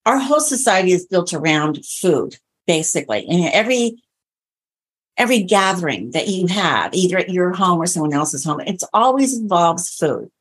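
Husky low-voiced woman coaching on diet. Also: moderate pace. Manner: chatty, tells stories with lively quoted dialogue. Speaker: nutrition and diabetes coach, guest. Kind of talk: casual podcast interview.

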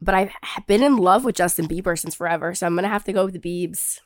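A woman's voice: fairly low pitch, quick pace, no echo, studio quality. A young woman co-hosting a casual chat, chatty and giggly. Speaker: podcast co-host.

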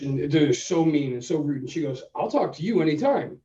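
A man co-hosting a podcast, telling a story in a casual, animated way and acting out both sides of the conversation. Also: fairly high pitch, a little fast. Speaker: podcast co-host. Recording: roomy, distant, dull sound.

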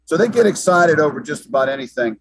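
A man's voice: on the high side, animated, quick pace, no echo, rough recording. A man giving sports talk commentary as an analyst, emphatic and often repeating words as he thinks.

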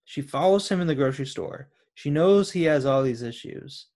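A man's voice: fairly high pitch, lively intonation, moderate pace, a little mellow. A man co-hosting a casual film chat, asking questions and laying out theories with many "uh" and "like" fillers. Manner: inquisitive, builds up theories with hesitant fillers. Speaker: podcast co-host.

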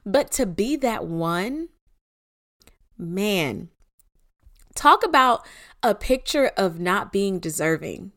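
A woman's voice: mid-range voice, sing-song, slow pace, long pauses, a bit bright. A young adult woman hosting a casual faith talk, speaking in a candid, conversational way with casual slang. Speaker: podcast host.

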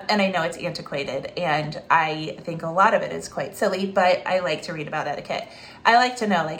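A woman's voice: mid-range voice, creaky. A woman, a special education advocate, telling a story in a casual monologue, chatty and full of fillers and restarts, acting out the voices she quotes. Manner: lively, acts out quoted speech.

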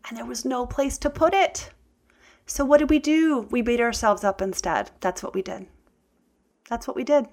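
A middle-aged woman speaking candidly to her audience about healing, earnest and confiding, with emphatic outbursts. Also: a little high. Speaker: self-help speaker.

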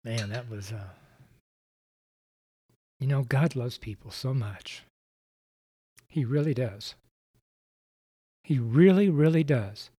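A man's voice: medium pitch, slow, pauses often, mellow, husky, no echo, clean studio sound. A man preaching on a podcast, earnest and repetitive, speaking straight to the listener. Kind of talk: evangelistic podcast sermon.

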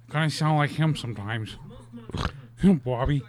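A man's voice: mid-range voice, unhurried. A man giving casual, profane commentary over a video game, laughing and riffing on impressions. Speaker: let's play commentator.

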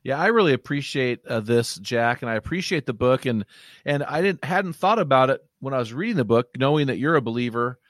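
A man's voice: medium pitch, animated, brisk, dry recording, clean studio sound. A man hosting a faith podcast, affirming his guest and plugging a book. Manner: affirming, appreciative, reads out plugs. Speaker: podcast host. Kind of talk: faith-based podcast interview.

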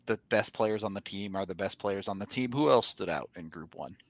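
A man's voice: sits low, brisk, gravelly. A man hosting a sports podcast in casual chat, laid-back and wry, steering the conversation. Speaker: podcast host.

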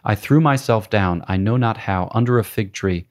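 A priest reads a spiritual classic aloud, his voice sitting a little low. His delivery is measured and solemn, like a scripted reading.

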